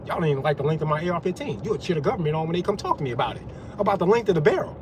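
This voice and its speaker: A man's voice: fairly high pitch, sing-song, very fast, noisy background. A man giving a profane, confrontational rant as a vlogger. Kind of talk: ranting monologue.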